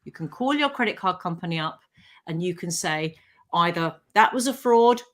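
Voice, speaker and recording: A woman, a legal expert on a live radio talk show, explaining consumer rights in a clear, measured way. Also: lowish voice, animated.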